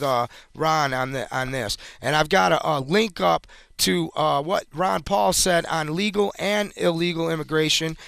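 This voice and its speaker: A male show host talking through political commentary in a conversational way, with plenty of "uh"s. His fairly high voice has a gravelly fry, recorded dry and close. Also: fairly bright tone, dry recording. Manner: conversational, hesitant fillers.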